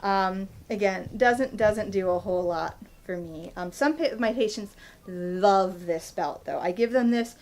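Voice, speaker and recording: Speaking unhurriedly in a medium-pitched, darkish voice, a woman in her thirties, a physical therapist, demonstrates stretches for a chatty instructional vlog and laughs at herself. The audio is poor.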